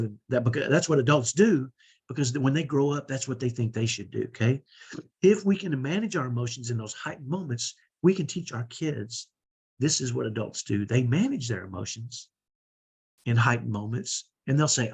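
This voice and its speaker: Husky-voiced man coaching parents. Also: mid-range voice, expressive, normal speed. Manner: earnest, conversational, many restarts and "right?". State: sore shoulder. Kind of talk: teaching talk with personal stories.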